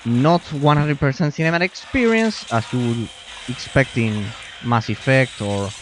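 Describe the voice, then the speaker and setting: Against background noise, a gameplay commentator speaks at normal speed in a medium-pitched voice. It's casual let's-play talk: he rambles, restarts, and mutters to himself as he plays.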